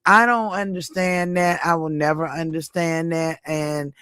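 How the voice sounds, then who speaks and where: A woman's voice: low-pitched, fairly even intonation, measured pace, a bit bright, clear, resonant tone, no room sound, clean studio sound. A woman hosting a casual live stream, reading viewer chat aloud, chatty and emphatic, repeating her points and addressing viewers by name.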